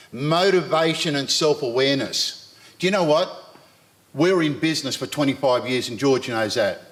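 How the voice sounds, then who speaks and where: A man's voice: medium pitch, a bit bright. An Australian man in his sixties, speaking earnestly on a live panel and addressing the audience directly, with frequent repetition. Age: 60s. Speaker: panel speaker and university lecturer.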